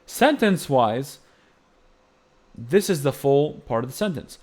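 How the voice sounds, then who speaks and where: A man's voice: a little high, very animated, moderate pace, a little mellow. A man teaching Byzantine-style chant phrasing, explaining patiently and singing short phrases to demonstrate. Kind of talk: music lesson with sung demonstrations.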